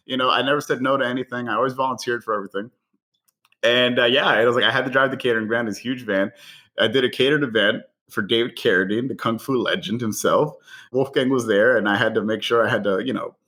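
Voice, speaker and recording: Man from Guatemala, chef guest, animated storyteller, bright forceful tone, mid pitch, laughs and mimics voices. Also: fast talker. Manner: excitable, acts out quoted voices, laughs often.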